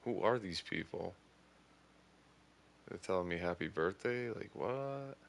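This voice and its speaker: A man giving casual, excitable gaming commentary, thinking aloud as he plays. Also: low-pitched, a little slow, creaky. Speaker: gaming streamer.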